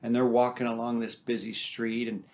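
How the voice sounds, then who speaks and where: A man telling folk tales aloud, animated and dramatic, building up and dropping his volume. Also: mid-range voice, moderate pace. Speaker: storyteller. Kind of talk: oral folk-tale storytelling.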